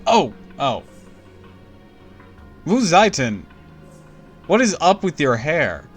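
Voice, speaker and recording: A man streaming a game, commenting casually and excitably, swearing and laughing often. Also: on the high side, slow pace, husky, soft background music.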